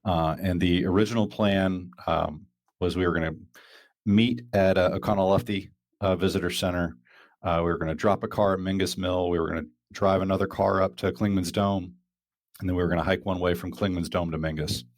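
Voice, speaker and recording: A man's voice: deep voice, steady tone, brisk, no room sound, studio quality. A man hosting a casual podcast chat, talking loosely with lots of fillers and restarts. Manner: rambling, many fillers and restarts. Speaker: podcast host.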